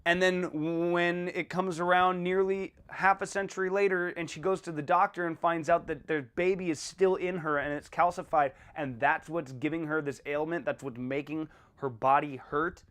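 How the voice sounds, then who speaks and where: Guy ranting on his podcast, kinda high voice, blunt and animated. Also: smooth. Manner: animated, acts out little dialogues in a raised voice; blunt and irreverent. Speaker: podcast host. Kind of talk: casual monologue.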